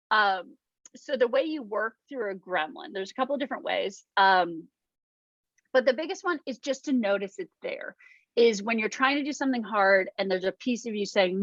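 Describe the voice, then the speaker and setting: A woman's voice: mid-range voice, moderate pace, dry recording. A woman life coach leading a small workshop in a chatty, casual way, with many ums and little acted-out quotes. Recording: dull lo-fi dry sound.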